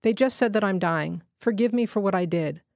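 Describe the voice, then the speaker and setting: A woman's voice: medium pitch, brisk, gravelly, darkish tone, dry recording, clean studio sound, lightly acted. A woman reading as a dying robber begging for mercy. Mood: desperate. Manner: begging, weak and tearful. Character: dying young male motorcycle robber, pleading. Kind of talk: literary reading.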